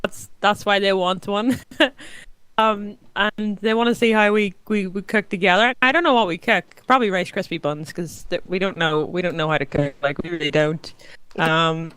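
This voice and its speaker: Woman guest, smooth clear voice, chatty with restarts, dry recording. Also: mid-range voice, fairly bright tone, no room sound. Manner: chatty, halting, laughing. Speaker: streamer guest. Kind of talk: casual podcast interview chat.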